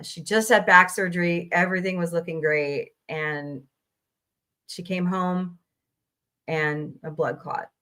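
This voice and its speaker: Chatty middle-aged woman, lowish voice. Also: a bit bright. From American Midwest. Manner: chatty, rambling, laughs often. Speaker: podcast host. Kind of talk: casual chat.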